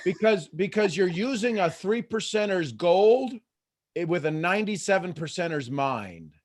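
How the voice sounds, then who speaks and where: A man with a high-pitched voice coaches a live call. He is animated and acts out inner voices as he talks. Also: moderate pace. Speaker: host and motivational coach.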